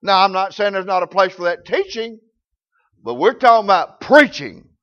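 A man's voice: sits high, very animated, normal speed, highs cut off. A man preaching a sermon, telling folksy stories in rural grammar.

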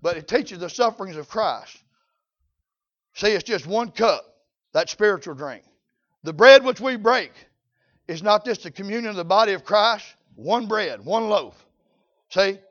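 Older preacher man, raspy high voice. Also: expressive, a little slow, long pauses, dull audio. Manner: shouting, preachy, folksy. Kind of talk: sermon.

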